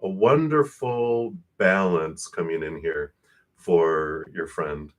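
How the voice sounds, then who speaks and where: A man giving live tarot card readings to viewers, talking quickly and warmly about spirit and energy, often laughing and calling himself out of breath. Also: low voice.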